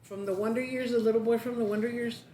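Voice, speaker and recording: A woman's voice: fairly high pitch, steady tone, fast, dark tone. A woman chatting casually while eating on camera, slipping into Spanish phrases as she talks. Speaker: mukbang vlogger. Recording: echoey room with background noise.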